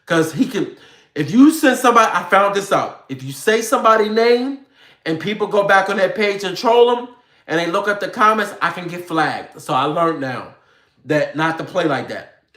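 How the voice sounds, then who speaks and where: A man's voice: sits high, normal speed. A man ranting to his viewers in a profane, slangy way, speaking straight at them as an online commentator. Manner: animated, profane, slangy, addresses viewers directly. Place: home room with a computer. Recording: roomy echo.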